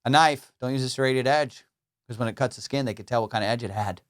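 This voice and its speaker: A man's voice: mid-range voice, fast talker. A man hosting a comedy podcast, riffing in a rambling, profane monologue from his studio. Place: home studio.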